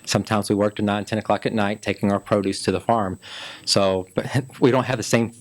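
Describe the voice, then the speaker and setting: A man's voice: fairly low pitch, flat delivery, fairly quick. A man in his fifties from Memphis, Tennessee, a city council candidate telling his life story in a folksy, chatty way during an interview. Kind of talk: casual interview chat.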